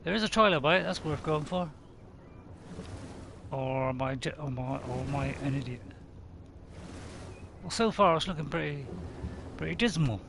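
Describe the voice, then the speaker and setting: Gravelly man streaming a game. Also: a little high, animated, normal speed, long pauses, background noise. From United Kingdom. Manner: chatty, self-mocking, talks to viewers while playing. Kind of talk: casual live-stream commentary.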